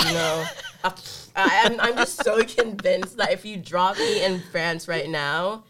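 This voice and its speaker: A young woman co-hosting a laid-back podcast, her voice sitting a little low. She rambles playfully, her sentences strung together with fillers. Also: unhurried, noisy background. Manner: playful, chatty, filler-heavy with lots of "like". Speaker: podcast co-host. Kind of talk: casual podcast chat.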